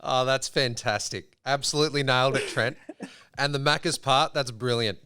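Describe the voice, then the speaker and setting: A man with an Australian accent hosting a casual podcast interview, upbeat and quick to laugh. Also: medium pitch, steady tone, bright, forceful tone, smooth. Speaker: podcast host.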